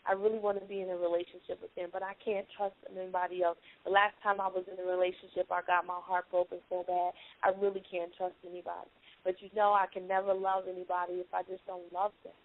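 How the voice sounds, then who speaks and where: A woman's voice: on the low side, little pitch movement, quick pace. Young woman running a motivational call, earnest and emphatic, repeats herself, sounds like she's on a tinny phone. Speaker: teleconference host, life coach. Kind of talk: motivational talk on a conference call.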